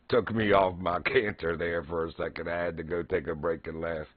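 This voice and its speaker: A man's voice: low-pitched, fairly even intonation, moderate pace, no echo, muffled recording. A man streaming, casually telling old gaming stories and laughing often. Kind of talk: casual storytelling.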